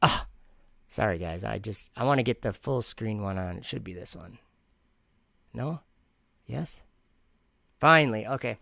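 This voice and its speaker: A man's voice: on the low side, expressive, a little slow, creaky, pauses often, sharp tone, dry recording, studio quality. A man hosting a commentary vlog, reacting to comments in an argumentative, sarcastic way and rambling with frequent restarts. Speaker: channel host.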